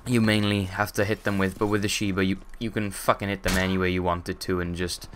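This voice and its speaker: Male gamer, low tense voice, hiccuping, sore throat, rambly and profane commentary. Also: little pitch movement, fairly quick, a bit bright, a little hiss or hum. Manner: rambling, sweary, frequent ums. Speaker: gameplay commentator. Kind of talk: casual gameplay commentary.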